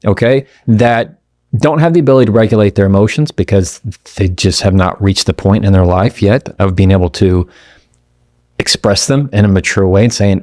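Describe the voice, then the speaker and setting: A man's voice: lowish voice, lively intonation, a little mellow, no room sound, clean studio sound. A man hosting his own podcast, giving an emphatic motivational talk straight to the listener with rhetorical questions. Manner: acts out quoted people in quick asides. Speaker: podcast host.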